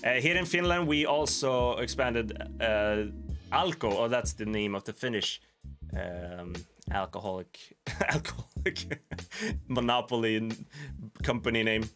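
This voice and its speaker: A young man with a Swedish accent chats loosely on his livestream, drifting between answers and laughing at his own jokes. His voice is bright and forward. Faint music plays underneath. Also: mid-range voice, unhurried. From Sweden. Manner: rambling, self-amused, chuckles at his own jokes. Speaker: livestream host. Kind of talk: casual livestream chat reading viewer comments.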